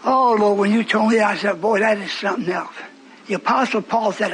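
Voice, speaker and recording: A man preaching a fiery sermon, speaking emphatically and breaking into shouts. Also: high voice, very animated, normal speed, vocal fry, slight background noise, poor audio.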